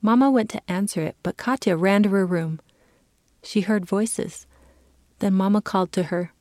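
A woman giving a calm, clear reading as the narrator of a children's story. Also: medium pitch, normal speed, no room sound, clean studio sound.

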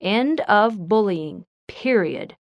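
A calm, fair-minded teenage boy, as a woman reads him, speaking in an even, steady way. Storybook telling in a close, dry recording. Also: medium pitch, a little slow, dry recording, muffled recording. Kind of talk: storybook reading.

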